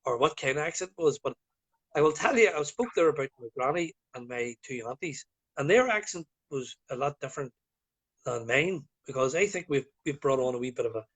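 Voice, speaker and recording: A man's voice: medium pitch, expressive, a little fast, fairly bright tone, husky. A man with a Northern Irish accent, chatting as a guest on a live video call and telling stories in a rambling way with many fillers. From Northern Ireland. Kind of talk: casual chat.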